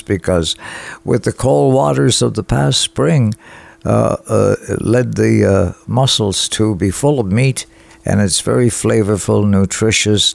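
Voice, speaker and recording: A man hosting a radio show, introducing songs and reading listener greetings in an enthusiastic, halting way full of fillers. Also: lowish voice, gravelly, dry recording. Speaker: radio host. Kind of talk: radio dedications and song intros.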